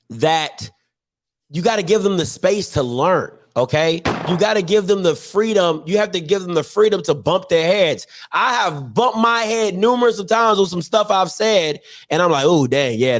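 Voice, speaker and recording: A man hosting an online call-in show, talking in an animated, preachy and joking way full of slang. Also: on the high side. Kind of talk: energetic call-in show monologue.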